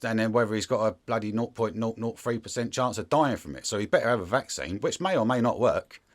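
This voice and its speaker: A man in a casual interview chat, talking in a sarcastic, animated way and slipping into mocking voices. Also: on the low side, fast talker.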